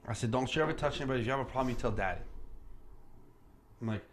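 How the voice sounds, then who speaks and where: A man hosting a podcast, telling stories in a casual, animated chat, cursing freely and acting out what others said. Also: medium pitch, rapid-fire. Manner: animated storyteller, swears freely, acts out quoted voices. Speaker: podcast host. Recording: roomy sound with faint background noise.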